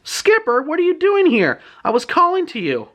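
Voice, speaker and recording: A man voicing a sassy tough young girl, high-pitched. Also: huge pitch swings, normal speed, fairly bright tone, heavily acted. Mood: insistent. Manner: sassy, determined.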